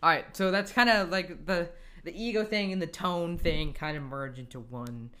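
A man's voice: a little high, moderate pace, pushed and bright. A man co-hosting a casual podcast, complaining about a film, laughing often and tripping over his words. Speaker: podcast co-host. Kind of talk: casual chat, film review.

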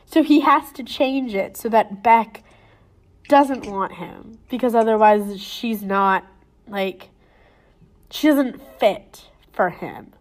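A young woman speaks slowly and unhurriedly in a casual book chat, her voice sitting a bit high. She teases her co-host and laughs easily between points. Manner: slow, laughing, teasing. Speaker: podcast co-host.

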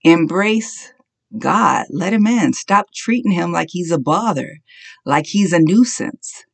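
A preacher with a gravelly, rough-edged voice delivers a sermon slowly and deliberately. The delivery is impassioned and built on repeated short commands, at times climbing into shouts. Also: medium pitch, animated. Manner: impassioned exhortation, rising to shouts.

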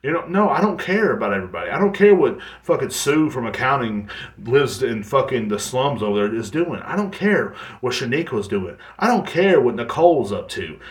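Very animated and fairly quick, a man with a medium-pitched voice runs a solo podcast. He delivers a blunt, profane casual rant with plenty of fillers and restarts, and the room sounds echoey.

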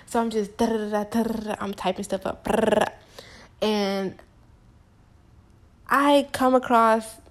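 Slangy young woman telling a story. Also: medium pitch. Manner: slangy, animated, emphatic storytelling. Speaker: vlogger. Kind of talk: casual storytime to camera.

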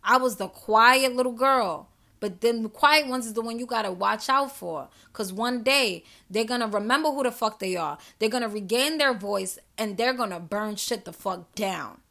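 Fiery, gravelly-voiced woman podcaster. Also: on the high side, moderate pace, bright, forceful tone. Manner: emphatic, profane, preachy, addresses listeners directly. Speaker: podcast host. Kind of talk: passionate solo podcast monologue.

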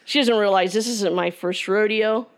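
A woman's voice: mid-range voice, normal speed. A woman co-hosting a casual chat, rambling through anecdotes and jokes. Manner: rambling storyteller, tells jokes.

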